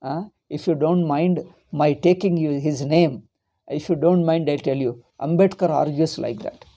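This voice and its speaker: A man's voice: on the high side, normal speed, warm tone. A man, a monk teaching a philosophy class, arguing with rhetorical questions and repeating his points. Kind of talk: lecture.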